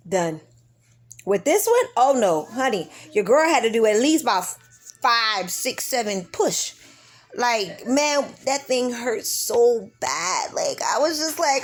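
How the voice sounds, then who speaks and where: A woman in her thirties casually telling a birth story to her viewers, acting out the voices of the people in it. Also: fairly high pitch. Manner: animated retelling, acting out her own pleas. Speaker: vlogger.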